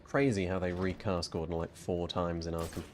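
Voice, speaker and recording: A laid-back man chatting casually as he streams a video game, swearing freely as he goes. His voice sits low. Faint game music runs under his talk. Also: steady tone, moderate pace. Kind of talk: casual gameplay commentary.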